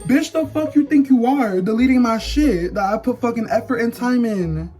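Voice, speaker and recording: A reaction host ranting loudly and swearing constantly in casual commentary. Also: medium pitch, moderate pace, soft background music.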